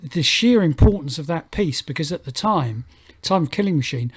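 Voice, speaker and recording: A man co-hosting a podcast in relaxed chat, agreeable and quick to say yeah. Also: on the high side, slightly rough. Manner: relaxed, agreeable, many yeahs. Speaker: podcast co-host. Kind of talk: casual chat.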